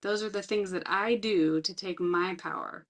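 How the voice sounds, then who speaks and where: Earnest, reflective middle-aged woman trainer. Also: medium pitch. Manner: reflective, earnest, slows down to stress key words. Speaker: resilience trainer. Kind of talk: personal talk with teaching.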